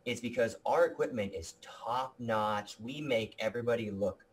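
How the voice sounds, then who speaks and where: A man's voice: on the low side, normal speed, a little hiss or hum. A man being interviewed about his video production company, talking with energy and earnestness, often restarting his sentences. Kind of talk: casual interview talk.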